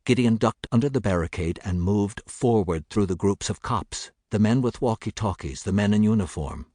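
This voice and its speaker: Low, measured male audiobook narrator. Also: lively intonation, darkish tone, no room sound, clean studio sound.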